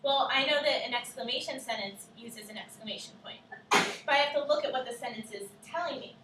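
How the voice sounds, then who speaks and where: A woman co-teaching a class, explaining clearly step by step and asking the children questions. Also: high voice, brisk, noisy background. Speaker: student teacher. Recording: echoey classroom from far off.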